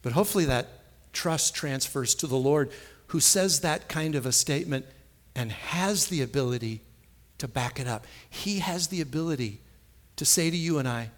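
A middle-aged man preaching a sermon in a church, emphatic and repetitive, swinging between soft asides and loud, stressed phrases. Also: a little high, moderate pace. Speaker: pastor. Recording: long hall reverb.

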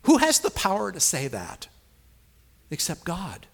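A middle-aged man preaching a sermon in a church, emphatic and repetitive, swinging between soft asides and loud, stressed phrases. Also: high-pitched, huge pitch swings, a little slow, gravelly, breathy edge. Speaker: pastor. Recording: long hall reverb.

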